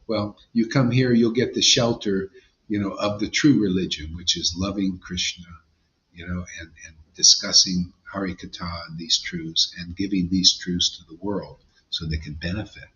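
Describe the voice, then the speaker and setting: A man's voice: sits low, fairly even intonation, normal speed, sharp tone. A man, a spiritual teacher, giving an informal devotional sermon in a blunt, emphatic, conversational way. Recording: dull lo-fi sound.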